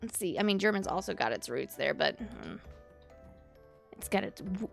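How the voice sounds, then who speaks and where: A woman's voice: lowish voice, expressive, normal speed, gravelly, soft background music. A woman from Louisiana chatting with her stream chat while she plays a game, musing and reading comments aloud.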